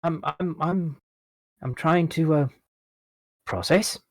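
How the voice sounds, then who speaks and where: A woman's voice: sits low, takes it slowly, no echo. A woman player in a tabletop game, flustered and stammering at times, over a voice call. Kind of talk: casual game chat.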